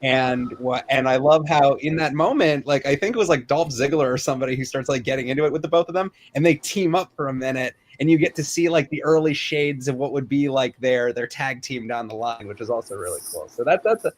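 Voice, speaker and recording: A man co-hosting a podcast, talking in a relaxed, casual way, full of "like" and hedges. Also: mid-range voice, fairly quick, hardly any pauses. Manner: relaxed, lots of likes and hedges. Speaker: podcast co-host. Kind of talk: casual chat.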